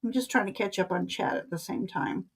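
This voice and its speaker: A woman's voice: mid-range voice, fairly quick, husky. An older woman hosting a live tarot stream, chatting casually and laughing often.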